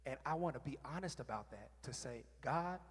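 A man sharing a candid, emotional personal testimony at church, with halting restarts. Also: mid-range voice, expressive, husky. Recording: reverberant hall.

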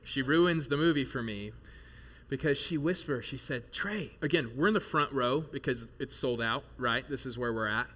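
A man in his thirties preaching a sermon to his congregation, telling a jokey personal story with animated bursts of loud excitement. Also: medium pitch, normal speed. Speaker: pastor. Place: church service before a live congregation.

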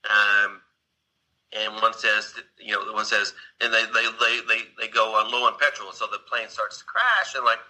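Husky, sharp-edged low male voice. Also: moderate pace, poor audio. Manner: rambling, with many restarts and asides to the listener. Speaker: storyteller. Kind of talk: casual rambling retelling of a film scene.

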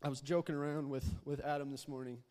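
Young male youth pastor, casual preaching, slightly high voice, nudges the room to talk back; long hall echo. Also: flat delivery, fast talker, a little mellow. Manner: conversational, repeats words, prompts the congregation to respond. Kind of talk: sermon. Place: church sanctuary.

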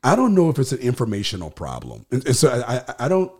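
A male pastor appears as a guest on the show, teaching scripture through conversation. His mid-range voice swoops wildly in pitch, moves quickly, and sounds darkish and slightly rough. He speaks emphatically, like a preacher, building points by repeating them.

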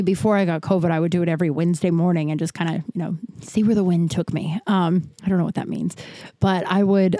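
A young adult woman talks alone into the mic in a loose, rambling monologue. Her stories come out candid and self-mocking, and she is audibly short of breath. Her voice sits mellow and warm in a dry, close recording. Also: mid-range voice, no echo. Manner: candid, self-deprecating, jokey storytelling. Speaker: solo podcast host.

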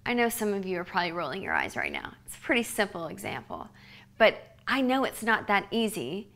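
A woman in her thirties giving a devotional podcast teaching, earnest and conversational, often dropping to a soft hush for emphasis. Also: mid-range voice, wildly swooping pitch, fairly quick, creaky. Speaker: Bible teacher.

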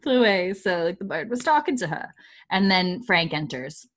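List: young woman, lowish voice, casual recap, chatty, lots of fillers. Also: big pitch swings, normal speed, fairly bright tone. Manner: chatty, filler-heavy retelling, laughing often.

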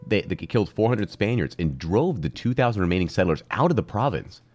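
A man with a very low voice talks quickly and swings his pitch around a lot. He co-hosts a loose, comedic history chat, joking and acting out bits as he goes. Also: faint music behind. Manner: animated, jokey, acts out silly voices. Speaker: podcast co-host.

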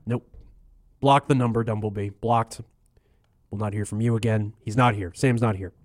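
A man's voice: fairly low pitch, steady tone, normal speed, a little mellow, no room sound, clean studio sound. A man hosting a comedy call-in radio show who stammers, grumbles and talks openly angry.

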